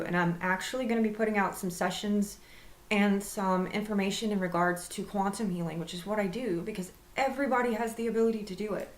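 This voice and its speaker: A woman who practises Reiki, talking candidly to camera and stretching out the words she wants to stress. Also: fairly high pitch. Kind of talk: personal talk to camera. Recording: roomy echo.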